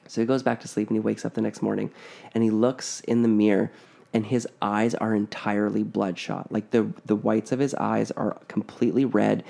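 A man with a low, gravelly voice tells a spooky story in a loose, casual way. His dark, mellow tone is peppered with "like" and "uh" as he goes. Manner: relaxed, filler-heavy, frequent "like".

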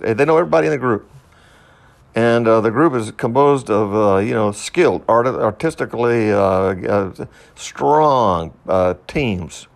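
Gravelly man rambling on a podcast. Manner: rambling, with frequent fillers and self-interruptions; swings between loud high bursts and low quiet asides. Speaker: podcast host. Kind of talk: rambling solo podcast monologue.

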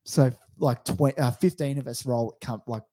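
A man's voice: medium pitch, moderate pace, warm tone. A young Australian man telling a rambling, sweary story as a casual podcast co-host. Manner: rambling, swears freely, acts out quotes.

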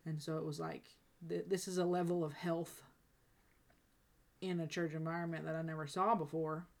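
A young woman with a fairly low voice speaks candidly in a relaxed family conversation. She laughs easily and works through her feelings out loud. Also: normal speed, gravelly. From raised as a pastor's kid. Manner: candid, laughs often, reflective. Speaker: podcast co-host, family member. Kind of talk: casual family chat.

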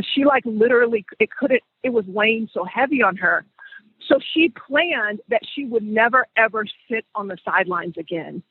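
Husky-voiced man telling a story. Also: sits high, no echo. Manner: emphatic, repeats phrases for weight. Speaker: podcast host. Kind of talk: conversational storytelling. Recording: dry, phone-like sound.

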